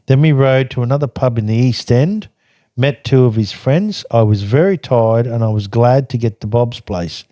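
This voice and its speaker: An older man from Australia recounts a long-ago journey in a loose, halting way, circling back and restarting his sentences. His voice is mellow and darkish, sitting at an ordinary pitch. The sound is dry and close. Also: dry recording. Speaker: podcast guest recounting travels. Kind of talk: casual storytelling chat.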